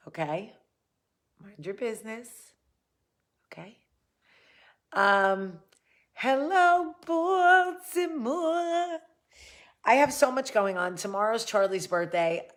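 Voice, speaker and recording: A woman with a New Jersey–New York accent hosting a casual talk, a bit tipsy from drinking, rambling with jokey asides as she tells a story. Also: on the low side. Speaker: host. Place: indoors, seated in a chair.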